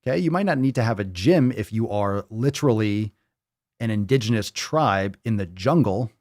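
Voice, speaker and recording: A man's voice: fairly low pitch, animated, normal speed, darkish tone, no echo, studio quality. A man hosting a podcast in casual chat, reading posts aloud and rebutting them in a blunt, profane, mocking way. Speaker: podcast host.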